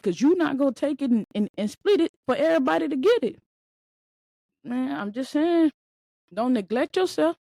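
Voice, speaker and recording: A woman podcast host with a slightly high voice gives a casual motivational monologue. She talks bluntly and with lots of energy, repeats herself, and swears without apology. The sound is close and dry, with no room echo. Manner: animated, blunt, colloquial, swears freely, repeats words. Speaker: podcast host, mindset speaker. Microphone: podcast microphone.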